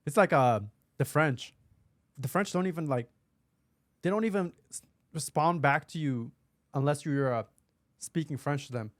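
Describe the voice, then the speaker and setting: A man's voice: on the high side, normal speed, long pauses, dry recording. A man co-hosting a casual podcast, talking loosely with many fillers and laughs into a close microphone. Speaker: podcast co-host.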